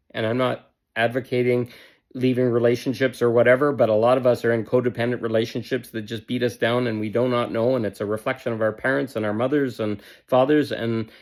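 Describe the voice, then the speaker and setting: Emphatic blunt self-help man. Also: mid-range voice. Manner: emphatic, repetitive, blunt with casual swearing. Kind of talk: motivational self-help talk.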